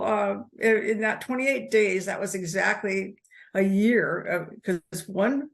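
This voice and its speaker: An older woman in her seventies tells her own story as a guest in an interview. Her voice has a gravelly, fried edge at a middling pitch. She pauses, restarts her sentences and slips in soft laughs. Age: 70s. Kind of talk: personal life story told in conversation.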